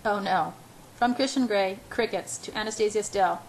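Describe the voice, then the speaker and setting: A woman's voice: medium pitch, normal speed, a little hiss or hum, low-quality recording. A woman reading a first-person novel aloud in a casual, unpolished way, with restarts and self-corrections. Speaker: amateur audiobook reader.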